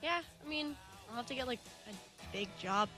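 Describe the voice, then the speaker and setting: A young woman in her twenties, a student studio engineer, giving soft offhand replies from off-mic. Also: on the high side, expressive, a little fast, faint music behind. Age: 20s. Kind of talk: casual chat.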